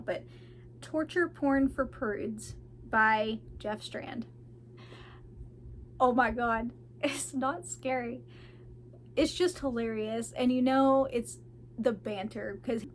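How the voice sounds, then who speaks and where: Chatty woman book reviewer, giggly and gushing, voice sitting a bit high. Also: a little hiss or hum. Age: adult parent of children. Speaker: book vlogger. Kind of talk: casual book review chat.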